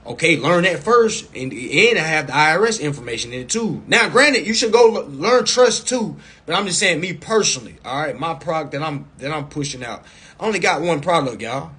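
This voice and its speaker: A man coaching viewers in a casual live stream over a phone mic, blunt and profane, repeating himself and breaking into loud, emphatic bursts. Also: a little high, lively intonation, brisk, breathy edge.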